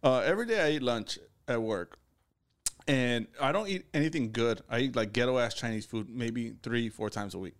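A man's voice: mid-range voice, normal speed. A young man co-hosting a podcast in casual banter, joking and rambling with frequent laughs. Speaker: podcast co-host.

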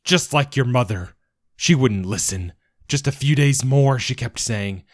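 A man voicing a zealous, controlling older father who shouts commands in an audiobook story. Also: low voice, fairly even intonation, moderate pace, slightly rough, no echo, studio quality. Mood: furious.

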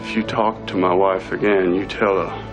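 A man's voice: low-pitched, level tone, normal speed, lo-fi sound, over music, close to an everyday voice. An actor playing a loyal ex-soldier convict father with a drawling Southern accent, in a movie clip. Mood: tender. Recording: movie clip with score underneath.

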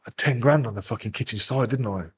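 Fast-talking, swearing English man. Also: mid-range voice, husky. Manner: swears constantly, rapid animated storytelling, acts out voices. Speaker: podcast guest. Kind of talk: casual storytelling interview.

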